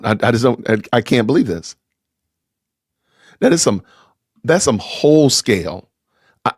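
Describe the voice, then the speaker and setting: A man's voice: fairly high pitch, dry recording, clean studio sound. A middle-aged man hosting a podcast, delivering an indignant, stammering commentary rant and often repeating himself. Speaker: podcast host. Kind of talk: live-streamed commentary rant.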